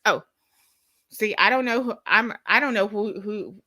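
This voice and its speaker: A chatty woman with a Texas accent, co-hosting a casual live stream. Her voice is bright and forceful, recorded close and dry, and she rambles from one thought to the next. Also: medium pitch, a little slow, no room sound. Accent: Texan. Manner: chatty, rambling, laughs often.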